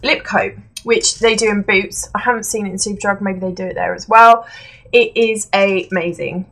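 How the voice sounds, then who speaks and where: A woman's voice: mid-range voice, steady tone, normal speed, fairly bright tone. Young woman, beauty vlogger, rambling chat with lots of ums, recorded at home. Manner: chatty, rambling, many fillers and self-corrections. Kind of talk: casual product review chat. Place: indoors at home, seated on a creaky chair.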